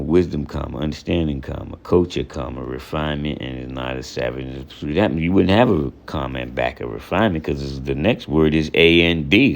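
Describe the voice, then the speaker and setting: Low gravelly man giving a rambling lesson. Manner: rambling and repetitive, often checking with the listener; spells out and counts off terms one by one. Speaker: teacher of religious lessons. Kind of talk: informal spoken lesson.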